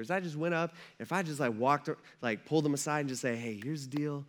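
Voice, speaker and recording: Lively conversational male pastor. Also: fairly high pitch, quick pace, few pauses. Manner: animated, conversational storytelling with frequent asides. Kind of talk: sermon.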